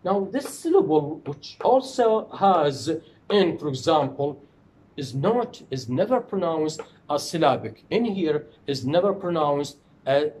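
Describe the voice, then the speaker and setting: A man giving a recorded phonetics lecture, slow and deliberate, repeating example words to model their pronunciation. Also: on the high side, very animated, darkish tone, a little hiss or hum, poor audio.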